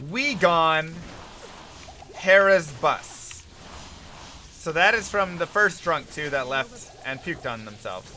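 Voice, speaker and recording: A man's voice: a little high, bright, forceful tone, slight background noise. A man telling a rambling, self-mocking story in casual chat while streaming a game.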